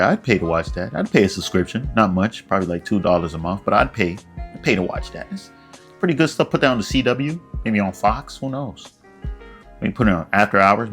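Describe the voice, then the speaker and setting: A man hosting a casual commentary vlog, rambling and joking in a self-deprecating way. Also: fairly low pitch. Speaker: commentary channel host.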